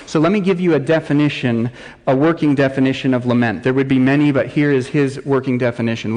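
Uomo pastore che predica in una chiesa riverberante. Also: male voice, medium pitch, fast talker, a little mellow. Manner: earnest preaching, voices prayers with rising cries. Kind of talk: sermon. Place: church sanctuary. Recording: long church reverb.

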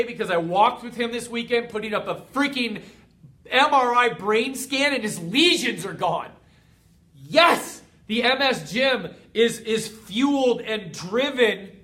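Motivational host, young man, high bright voice, fervent and emotional, repeats his lines for emphasis. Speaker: motivational host of a fitness community. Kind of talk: motivational pep talk.

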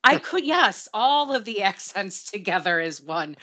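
A woman's voice: medium pitch, very animated, measured pace, sharp tone, dry recording. A woman co-hosting a casual film podcast, wry and laughing, who swears casually. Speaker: podcast co-host.

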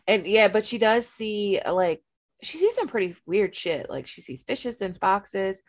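A woman's voice: mid-range voice, very animated, unhurried, dry recording. A woman co-hosting a podcast, chatting casually about a fantasy book and swearing freely. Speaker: podcast co-host.

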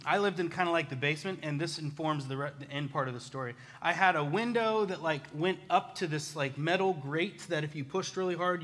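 A man tells a personal story in a casual, chatty way, poking fun at himself as he goes. His voice sits a little high for a man and has a bright, forceful edge. He keeps it animated. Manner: self-deprecating, chatty, animated.

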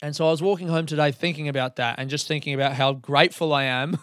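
A man's voice: a little high, steady tone, fast, fairly bright tone, no room sound, studio quality. A man of thirty, hosting a solo podcast in a rambling, self-mocking way and swearing often. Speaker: podcast host.

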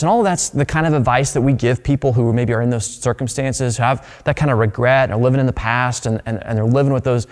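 A man's voice: medium pitch, fairly even intonation, fast, few pauses, a little mellow, big-room sound. A man preaching a sermon as pastor, telling a story earnestly and often repeating words as he restarts phrases.

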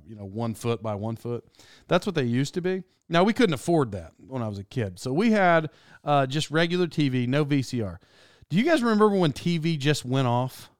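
A man in his thirties telling rambling, animated stories in a casual monologue as a podcast host. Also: fairly high pitch, clear, resonant tone, dry recording, studio quality. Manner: rambling, animated storytelling with laughs.

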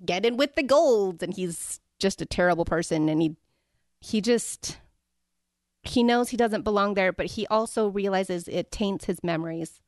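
A medium-pitched female voice, recorded with studio quality and no room sound. She co-hosts a casual book podcast, retelling scenes and using a few fillers while she searches for a passage.

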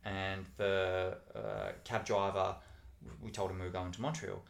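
A man's voice: low-pitched, unhurried, gravelly, roomy sound. A young Australian man co-hosting a podcast, chatting loosely and often restarting his sentences. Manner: rambling, restarts sentences, relaxed. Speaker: podcast co-host. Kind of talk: casual chat.

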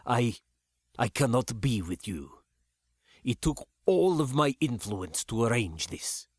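A man voicing an older commissioner, a weary, grieving father who speaks slowly and heavily. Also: medium pitch, big pitch swings, darkish tone, no echo, studio quality. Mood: pleading. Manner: slow, heavy, pleading.

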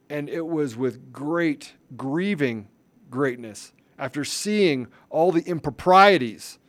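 Male podcast host with a high voice, fervent and emphatic, hammering his points home with repetition. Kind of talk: impassioned political commentary.

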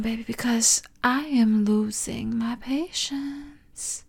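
A woman's voice: medium pitch, a little slow. A woman hosting her own opinion podcast alone, sassy and sarcastic, calling the listener honey and darling, cussing freely and often dropping into a half-whispered aside. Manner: cusses freely. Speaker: podcast host.

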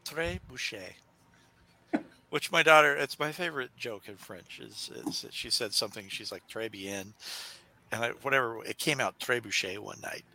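Bright-voiced, jokey middle-aged man. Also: medium pitch, moderate pace, creaky, slight background noise, low-quality recording. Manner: jokey, laughs often, slips into mock impressions. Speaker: podcast co-host. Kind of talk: casual chat.

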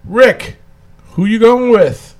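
A man's voice: sits high, slow, darkish tone. A man hosting a casual wrestling recap chat, rambling and laughing often as he talks. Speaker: podcast host.

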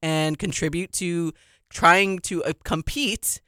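A sports radio host in casual, animated studio chat, emphatic and quick to laugh. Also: female voice, fairly low pitch, clean tone, no room sound. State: a little out of breath.

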